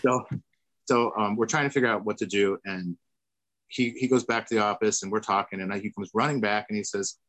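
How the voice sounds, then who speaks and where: On a poor-quality, dry recording, a man with a voice on the low side speaks fairly quickly in a fairly bright tone. He used to be a tour manager and is telling a long, rambling story on a video call, performing the voices of its characters.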